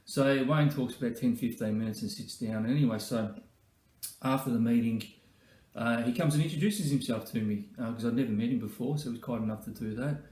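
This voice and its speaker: A former colleague gives a birthday tribute full of joking stories, speaking in a brisk, medium-pitched male voice with a darkish tone. His comic anecdotes come loaded with fillers, and the recording has a roomy echo.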